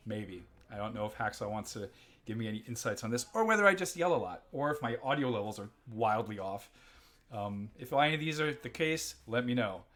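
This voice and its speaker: A man from Germany hosts a live gameplay stream in casual chat. He rambles, reads out the chat and laughs easily, with a middling pitch. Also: expressive, brisk, a bit bright.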